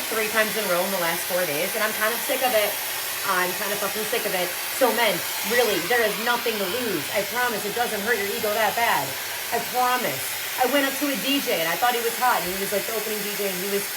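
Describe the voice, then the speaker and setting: Exasperated young woman ranting, swears a lot. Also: heavy background noise. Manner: exasperated, swears a lot, quick shifts in pitch. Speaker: TikTok creator. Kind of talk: casual ranting monologue.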